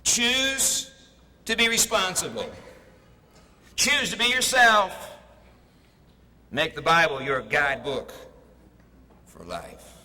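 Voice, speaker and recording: Man, commencement speaker, bright voice, emphatic preachy cadence, echoey hall over a PA. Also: fairly high pitch, sing-song, slow pace, long pauses, slight background noise. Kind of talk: preachy ceremony speech with a joke. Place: large hall at a graduation ceremony. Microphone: podium mic over a PA.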